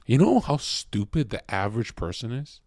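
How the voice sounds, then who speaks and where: A man's voice: medium pitch, lively intonation, normal speed, darkish tone, no echo, studio quality. A man live streaming, ranting angrily and hurling mocking, profane insults at a viewer in chat. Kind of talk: angry rant at a chat viewer.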